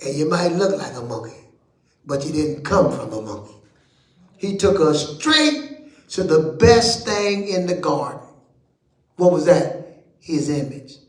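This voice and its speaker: Male preacher, high pitch, folksy call-and-response delivery with bursts of shouting, roomy church echo. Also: animated, unhurried, long pauses. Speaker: bishop teaching Bible study. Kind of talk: lively preaching to a congregation.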